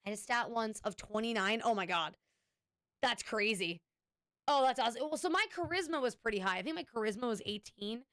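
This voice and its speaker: A woman's voice: on the high side, animated, a little fast, fairly bright tone, no echo. A woman streamer chatting casually with her viewers, rambling and swearing now and then. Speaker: Twitch streamer.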